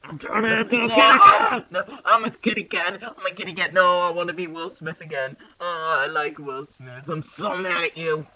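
A man's voice: fairly high pitch, fairly even intonation, normal speed, few pauses, bright, forceful tone, low-quality recording. A man voicing a goofy, easily upset male movie star in an improvised comic voice-over, with whiny, exaggerated complaints. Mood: silly.

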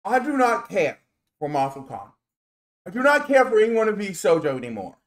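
A male VTuber streamer delivering an angry rant on a livestream, slow and emphatic, cursing and calling someone out by name. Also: sits high, very animated.

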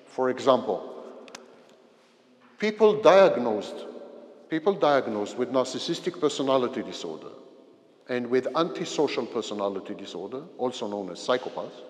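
A man giving a psychology lecture at a university, explaining slowly, repeating key phrases and giving everyday examples. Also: medium pitch, darkish tone. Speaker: visiting psychology professor. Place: lecture hall. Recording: long reverb of a lecture hall.

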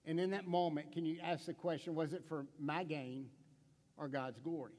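A man's voice: a little high, steady tone, normal speed, darkish tone, long reverb tail. A middle-aged man pastor preaching a sermon in a conversational way, with stammered restarts, rhetorical questions and playful stories. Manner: playful storytelling with acted quotes. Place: church sanctuary.

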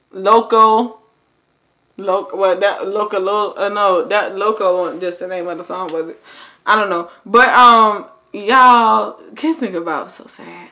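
A young woman chatting casually to her viewers in a vlog, addressing them as "y'all" and bursting into loud, excited exclamations. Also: medium pitch. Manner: animated, swings into loud excited shouts and laughs; talks straight to viewers with lots of "y'all". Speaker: YouTuber.

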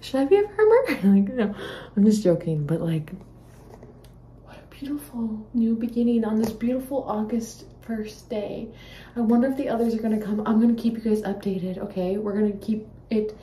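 Out in her home garden and on the deck, a woman vlogs to camera, excitable, emotional, and out of breath, rushing through her words with lots of "like." Near the nest she lowers to hushed whispers. Her voice is mid-range, her pace moderate, and the audio poor.

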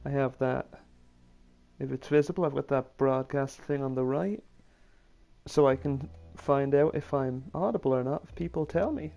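A man's voice: medium pitch, moderate pace, creaky, mellow, muffled recording, faint music behind. A man streaming a game at home, talking in a dry, self-deprecating, offhand way. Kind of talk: casual live-stream commentary.

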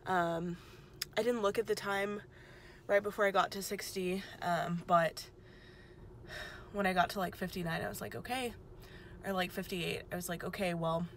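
A woman's voice: fairly low pitch, steady tone, a little hiss or hum. A young woman, rambling and emotional as she vlogs just after finishing an exam. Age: young adult. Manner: rambling, emotional, talks in quick asides. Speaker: vlogger. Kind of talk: casual vlog chat. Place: outside a testing center.

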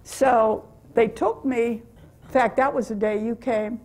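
A woman's voice: on the high side, fairly even intonation, measured pace, a little mellow. An older American woman telling stories of her mission trip to a church meeting, chatty and laughing often. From USA. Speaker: guest speaker.

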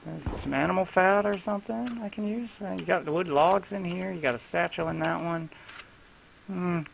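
Gravelly-voiced man chatting through a game. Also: high-pitched, a little hiss or hum, rough recording. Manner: loose, chatty, giving quick instructions. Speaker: gamer streaming his own play. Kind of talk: casual gameplay commentary to a teammate.

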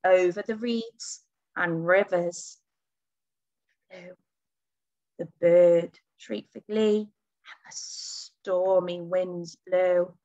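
A woman teacher reading a picture book aloud to children, with big leaps in pitch on key words. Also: fairly even intonation, extremely slow, long pauses, dark tone, muffled recording.

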